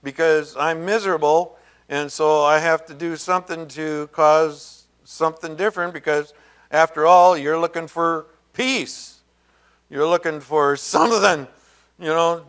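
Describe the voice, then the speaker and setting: Slow-talking pastor with a smooth voice. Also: male voice, fairly bright tone. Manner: conversational, rambling with many fillers and asides; acts out quoted voices with raised pitch. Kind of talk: sermon.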